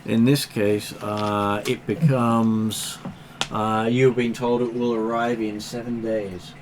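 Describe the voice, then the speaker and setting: Low-voiced man running a tabletop game. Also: level tone, slow, noisy background. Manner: explaining rules patiently with fillers. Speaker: game master.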